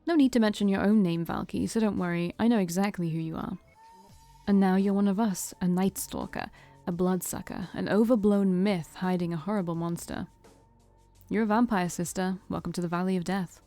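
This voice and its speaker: A woman voicing a smug, theatrical male vampire who talks slow and knowing, like a preacher, while reading a visual novel aloud. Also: medium pitch, fairly even intonation, dark tone, faint music behind, close to an everyday voice.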